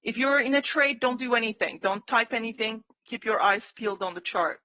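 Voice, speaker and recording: A woman's voice: a little high, brisk, dry recording, lo-fi sound. A woman hosting a live day-trading stream, calling out price targets and eagerly urging the market on. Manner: excitable, cheering the market on, pleading. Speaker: day-trading livestream host.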